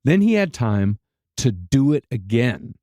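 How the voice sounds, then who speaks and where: A man hosting a podcast, recounting events in a steady, matter-of-fact storytelling style with dry asides, recorded in a studio. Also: mid-range voice, unhurried, no echo. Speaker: podcast host and narrator. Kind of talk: storytelling true-crime narration.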